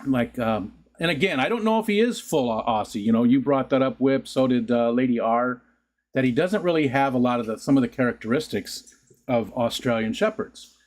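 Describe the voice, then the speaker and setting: A man's voice: medium pitch, brisk. A man hosting a casual home livestream, chatting to his viewers in a loose, rambling way and laughing often. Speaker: livestream host. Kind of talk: casual chat to live viewers. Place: home room.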